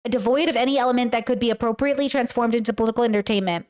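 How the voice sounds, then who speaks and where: A woman livestreams her reaction to a video, reading a text aloud very fast and breaking into emotional exclamations, occasionally tearful. Her voice is on the high side with a darkish tone.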